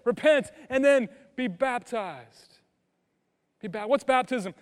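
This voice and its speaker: Man, pastor, sermon, high voice, echoing church hall, animated with hushed asides. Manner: animated preaching, drops to hushed prayerful tones. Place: church sanctuary.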